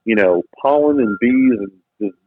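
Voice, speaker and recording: A man, a business founder and podcast guest, telling a story in lively conversation and acting out quotes in different voices. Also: on the low side, moderate pace. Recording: tinny phone-like line, dry.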